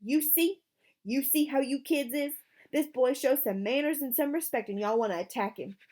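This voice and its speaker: A woman's voice: high voice, moderate pace, voice pushed up. A woman voicing an angry male bus driver scolding kids in a story reading. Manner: scolding, loud.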